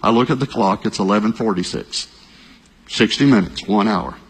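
A male pastor, telling a story in a sermon, talking fast and repeating himself, at times breaking into shouts. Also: lowish voice, husky. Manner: animated storytelling, bursts of shouting and quick repeated phrases. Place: large church hall. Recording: long reverb of a large hall.

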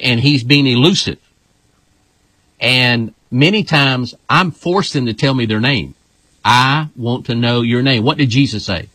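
A male pastor with a bright, forceful voice that has a husky edge. He explains things in an emphatic, repetitive way, and the sound is close and dry. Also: mid-range voice, no echo, low-quality recording. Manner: emphatic, repeats "this here". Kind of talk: casual teaching talk.

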